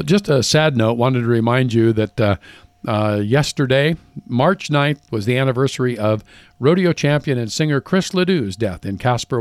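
A man's voice: mid-range voice, dry recording. Easygoing man radio host. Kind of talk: casual radio chat and read segments.

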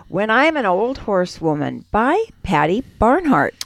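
Woman co-hosting with lively, bouncy pitch. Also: moderate pace, creaky, few pauses, no echo. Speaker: co-host. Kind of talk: radio segment with sponsor reads and poem reading.

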